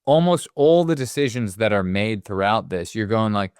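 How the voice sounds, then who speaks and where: A man's voice: lowish voice, normal speed, clean tone, no echo, clean studio sound. A man co-hosting a movie podcast, talking casually in long, rambling, profane riffs. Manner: rambling, profane, animated asides. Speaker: podcast co-host.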